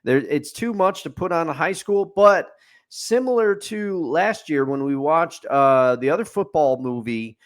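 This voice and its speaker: Opinionated man, fairly high voice. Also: expressive, unhurried. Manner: opinionated, rambling with fillers and restarts. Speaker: podcast co-host. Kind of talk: casual movie review chat. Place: studio.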